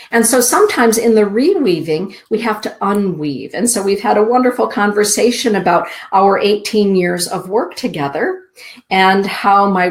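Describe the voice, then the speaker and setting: A middle-aged woman hosting a spiritual show, giving card readings to listeners in a soft, slow, drawn-out inspirational way. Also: medium pitch. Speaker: show host and card reader.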